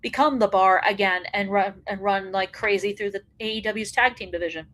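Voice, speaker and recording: A woman's voice: medium pitch, brisk, fairly bright tone. A woman hosting a wrestling commentary show, ranting bluntly and profanely, fired up.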